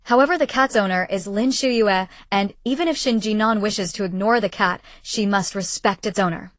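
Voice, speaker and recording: A woman's voice: medium pitch, normal speed, dry recording. Woman narrating a novel, dry close sound. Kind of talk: audiobook narration.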